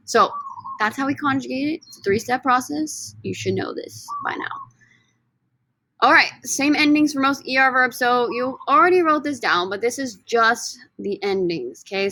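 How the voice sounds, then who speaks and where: Bright, clear-voiced woman teaching a lesson. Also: fairly high pitch, poor audio. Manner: explains step by step, drills words for students to repeat. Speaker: Spanish teacher. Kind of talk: recorded classroom lesson.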